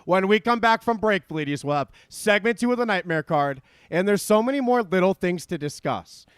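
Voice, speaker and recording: A man hosting a playful, animated livestream chat and reading donations aloud. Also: sits high, moderate pace, clean tone, no room sound, studio quality. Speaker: podcast host.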